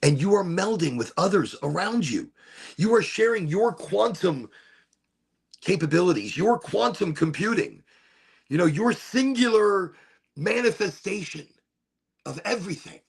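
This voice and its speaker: A man hosting his own podcast, rambling in a relaxed, playful and self-amused way. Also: high voice, a little slow, gravelly, slightly rough. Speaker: podcast host. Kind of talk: casual stoned monologue.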